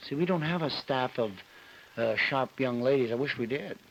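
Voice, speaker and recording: A man's voice: mid-range voice, moderate pace, creaky. A man telling an emotional personal story as a guest on a television panel show. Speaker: celebrity guest. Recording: dull 1961 TV broadcast with hiss.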